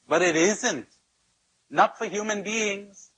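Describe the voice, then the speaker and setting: A man giving a spiritual workshop talk in a husky, fairly high voice. He tells anecdotes with humor and drives points home through repetition. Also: takes it slowly, a bit bright, low-quality recording. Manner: storytelling with rhetorical repetition and humor. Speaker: spiritual teacher.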